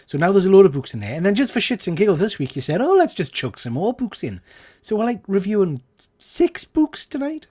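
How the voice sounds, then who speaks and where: A man's voice: high-pitched, sing-song, fairly quick, darkish tone. A man co-hosting a casual comics chat show, rambling and correcting himself as he talks. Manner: chatty, rambling, self-correcting. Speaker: podcast co-host.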